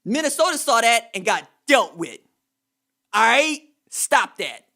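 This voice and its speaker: A man hosting a solo sports podcast, talking in an animated, emphatic trash-talking way with casual slang. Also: extremely high pitch, unhurried, gravelly. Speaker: podcast host.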